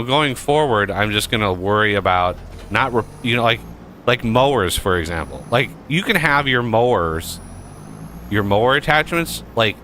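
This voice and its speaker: A man's voice: on the low side, sharp tone, a little hiss or hum. A man giving casual gameplay commentary as a streamer, rambling with many fillers and restarts.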